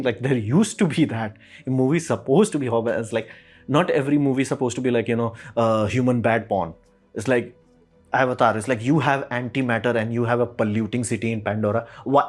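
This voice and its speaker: Rambling man with faint music behind. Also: medium pitch. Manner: rambling, repeats "it's like", fillers. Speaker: commentator. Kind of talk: casual opinion monologue.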